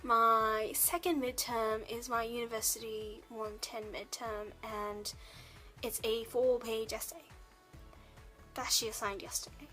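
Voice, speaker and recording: A woman's voice: a little high, flat delivery, a little slow, bright, forceful tone, soft background music, poor audio. Young woman in a put-on British accent. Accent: put-on British English. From United States. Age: young adult. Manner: rambling and chatty, full of ums and likes. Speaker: college student vlogger. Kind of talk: casual chat to camera.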